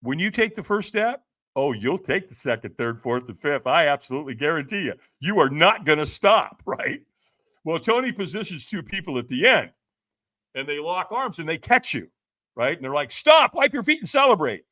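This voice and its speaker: A man tells a story with lots of energy, his pitch swinging widely as he acts out what other people said. His voice sits a bit high for a man. He keeps checking in with the listener with a quick "right?". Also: sing-song, bright, forceful tone, no echo. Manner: dramatic, acts out quotes, often asks "right?". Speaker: podcast guest. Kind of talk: animated storytelling.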